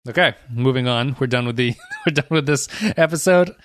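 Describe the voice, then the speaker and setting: A man's voice: mid-range voice, fairly quick, a bit bright, no room sound, studio quality. A man co-hosting a podcast, chatting casually about an episode and reading out listener comments. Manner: reads listener comments, thanks patrons. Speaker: podcast co-host.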